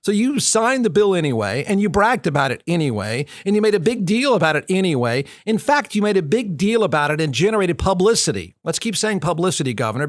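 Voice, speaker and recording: Combative high-voiced male talk host. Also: fairly bright tone, no echo, studio quality. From United States. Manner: snarky, combative, repeats phrases for emphasis. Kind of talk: heated political commentary.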